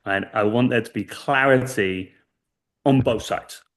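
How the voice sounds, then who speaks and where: A man guest on a podcast interview, earnestly telling a story and tagging points with quick checks for agreement. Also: mid-range voice, a bit bright. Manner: earnest storytelling, many fillers and "right?" tags. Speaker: guest expert. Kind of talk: casual interview chat.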